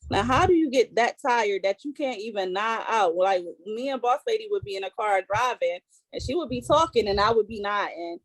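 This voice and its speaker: A woman's voice: medium pitch, expressive, dry recording, rough recording. A woman in her thirties speaking candidly in a casual podcast chat about motherhood, with lots of fillers and restarts. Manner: halting, many fillers and restarts, emotional openness. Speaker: podcast co-host sharing as a mother.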